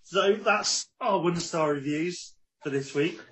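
A man's voice: fairly high pitch, unhurried, crowd noise. A man hosting a podcast in casual chat, wry and swearing casually as he steers the show. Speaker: podcast host.

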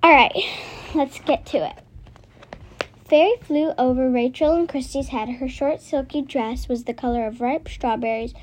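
A woman hosting a story channel, reading a children's chapter book aloud slowly and carefully, with occasional slips. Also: high voice. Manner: slow, careful, some slips.

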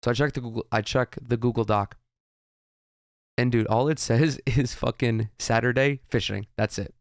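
Speaking at a moderate pace with a steady, mid-range voice, a young man on his podcast delivers a casual monologue, a rambling and profane story full of restarts. The studio sound is clean and the recording dry.

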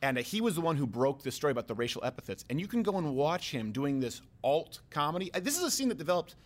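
A man hosts a talk show with rapid, bouncing delivery. His pitch sits a little high and swings widely as he jokes and riffs. Loose, casual banter throughout. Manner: animated, quick, joking asides. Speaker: host.

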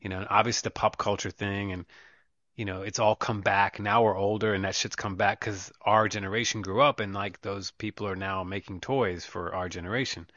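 A man's voice: lowish voice, fairly even intonation, brisk, a bit bright, no echo, muffled recording. A man co-hosting a podcast, telling rambling stories in crude, casual chat. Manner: profane, rambling storyteller. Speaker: podcast co-host.

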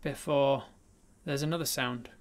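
A man's voice: mid-range voice, steady tone, unhurried. A man narrating a tabletop role-playing game as game master, describing the scene with frequent ums and uhs.

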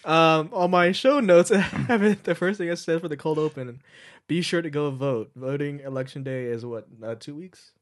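A man's voice: a little high, moderate pace. A man hosting a casual podcast chat in a small closed room. He sounds nervous and a little out of breath, giggles often, and stumbles over his words. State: slightly out of breath. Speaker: podcast host.

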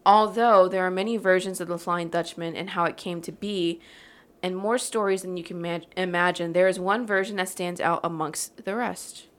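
A woman's voice: on the low side, steady tone, moderate pace. A woman hosting a podcast, reading a legend aloud in a casual, joking way, swearing and laughing as she goes. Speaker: podcast host. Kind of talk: casual storytelling chat.

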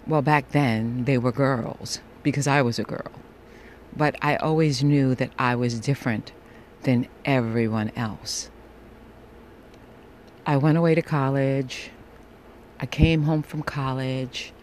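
A woman in her fifties hosts a personal storytelling podcast in a sultry, low-set voice. She takes her time over each phrase and drops in playful theatrical asides. A faint hum of background noise sits under her voice. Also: darkish tone. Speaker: podcast host.

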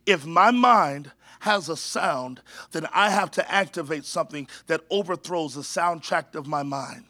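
A man preaching a sermon with high energy, calling out to the congregation to repeat after him and cracking jokes along the way. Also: a little slow, pushed and bright, dry recording. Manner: jokey asides to the crowd. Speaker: pastor.

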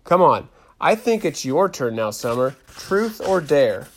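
A man voicing Zemena, a lively, giggly middle-school girl at a sleepover. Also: a little high, measured pace.

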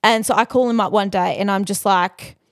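A woman's voice: mid-range voice, fairly even intonation, dry recording, clean studio sound. Australian woman telling a frank story. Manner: candid, storytelling, quick laughs. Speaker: podcast co-host. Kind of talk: casual chat.

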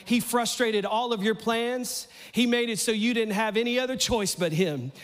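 A man preaching a sermon in a church, playful and animated, his voice climbing almost to a shout as he acts out lines. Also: very high-pitched, normal speed, long reverb tail. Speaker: pastor.

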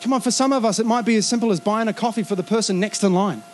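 A man preaching a sermon in a lively, conversational way, acting out quoted asides. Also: sits high, rapid-fire, a little hiss or hum. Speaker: pastor.

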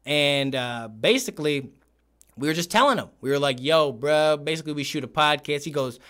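Male podcast host, animated storyteller, forceful bright tone, fairly high voice. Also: moderate pace. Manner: animated, laughs often, acts out quoted voices. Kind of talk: casual storytelling chat. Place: podcast studio.

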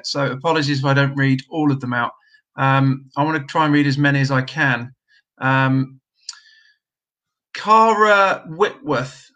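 A middle-aged man chats through viewer comments on a live stream. His voice is bright and a little high for a man. He talks bluntly and casually, with plenty of ums. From Britain. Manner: chatty, blunt, with frequent ums. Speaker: host of a trades live stream.

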